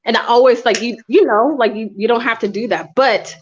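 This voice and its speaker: A woman's voice: fairly high pitch, a little fast, a little hiss or hum. A woman in her thirties talking passionately in a casual conversation, telling stories with frequent restarts. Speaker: guest speaker. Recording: dull lo-fi audio.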